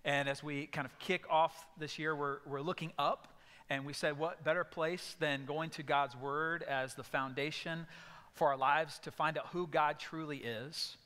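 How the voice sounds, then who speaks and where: Bright-voiced man preaching in a hall. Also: fairly high pitch, steady tone, measured pace. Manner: storytelling with sudden acted outbursts. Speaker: pastor. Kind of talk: sermon. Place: church sanctuary.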